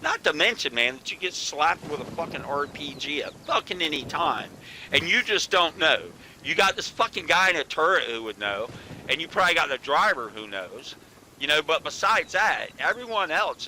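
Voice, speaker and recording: A man's voice: on the high side, sing-song, brisk, pushed and bright, a little hiss or hum, poor audio. Profane, laid-back gamer guy. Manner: profane, laid-back, calls everyone bro. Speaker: channel host, former soldier. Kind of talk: casual gaming chat.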